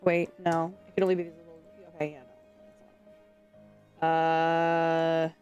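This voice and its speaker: A woman's voice: low voice, monotone, measured pace, a little mellow, dull audio. A young adult woman streamer chatting casually and scatteredly with her chat, swearing now and then. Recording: faint music behind.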